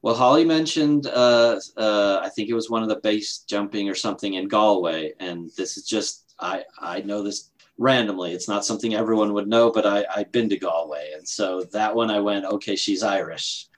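A man co-hosting a casual chat, animated and quick to laugh. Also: on the low side. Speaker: podcast co-host.

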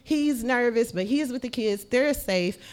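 A woman from the United States telling a personal story on a podcast, animated, swearing freely and laughing as she goes. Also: fairly high pitch, measured pace. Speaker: podcast guest. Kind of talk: casual storytelling.

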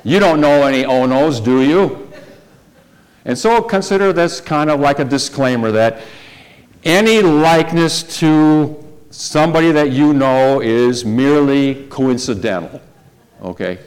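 A male preacher delivering a sermon, talking deliberately and putting rhetorical questions to his listeners. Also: medium pitch, a little mellow, clean tone. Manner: deliberate, rhetorical questions to the congregation, repeats words.

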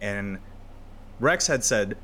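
A man's voice: fairly low pitch, slow, slight background noise. A man guesting on a podcast, chatting casually with lots of swearing and laughter. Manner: profane, laughing, animated storytelling. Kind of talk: casual chat.

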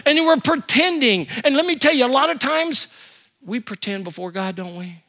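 An older man preaching a sermon as a pastor, animated and humorous, telling stories and asking rhetorical questions. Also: high voice, normal speed.

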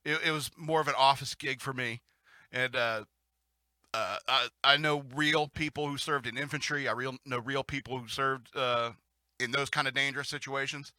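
A man's voice: medium pitch, steady tone, moderate pace, bright, forceful tone, no echo. A man hosting a talk radio show, rambling and chuckling through casual commentary and news reading, with frequent restarts.

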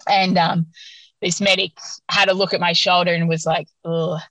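Woman, podcast guest, bright forceful tone, dry close sound, animated storytelling, frequent laughter. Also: on the low side, normal speed, no room sound, low-quality recording. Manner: animated, laughs often while telling. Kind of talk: casual storytelling interview.

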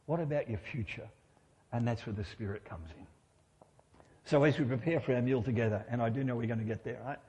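A man's voice: mid-range voice, fairly quick, mellow, long reverb tail. A middle-aged man preaching a sermon in church, conversational and humorous, often asking his listeners rhetorical questions.

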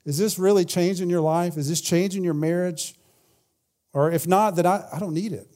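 A man's voice: sits high, steady tone, normal speed, warm tone. A man preaching a sermon in a conversational way, often repeating words and saying "man". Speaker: pastor.

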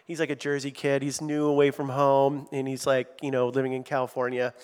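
A middle-aged man preaching a sermon in a lively, conversational way, with asides to his congregation. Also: mid-range voice, brisk, smooth. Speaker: pastor.

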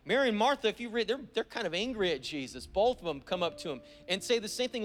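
High-voiced pastor preaching with emphatic repetition. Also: male voice, animated. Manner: slows down when reading scripture aloud. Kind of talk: sermon. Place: church service.

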